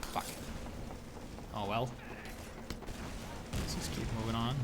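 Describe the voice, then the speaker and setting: Guy doing game commentary, swears a lot, gets loud and hyped, noisy background. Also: mid-range voice, slow. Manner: excitable, swears often, bursts into shouts and laughs. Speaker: gaming commentator.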